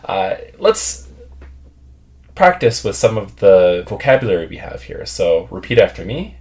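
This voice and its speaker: A man's voice: fairly low pitch, very animated, unhurried, darkish tone. A man teaching English pronunciation, patiently drilling words and having learners repeat after him.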